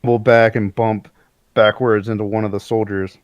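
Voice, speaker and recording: Low, smooth-voiced man playing a tabletop game. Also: normal speed, dry recording, dull audio. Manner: relaxed, describing actions in first person. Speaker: player. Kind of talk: casual tabletop play.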